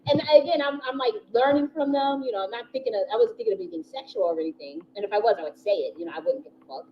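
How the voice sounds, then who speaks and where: A woman's voice: on the high side, quick pace. A woman telling a rambling personal story in a casual way, with lots of fillers, frequent laughter and free swearing. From United States. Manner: chatty, laughs often, many "you know" fillers, swears freely. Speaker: spiritual teacher and channel host. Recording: slightly dull recording with faint background hiss.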